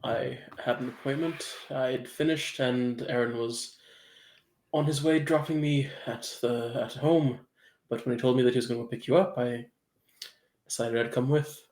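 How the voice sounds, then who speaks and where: A man's voice: mid-range voice, fairly even intonation, moderate pace, a little mellow, roomy sound, natural voice, poor audio. A man voicing a stern, wealthy middle-aged father who speaks in a curt, controlled way.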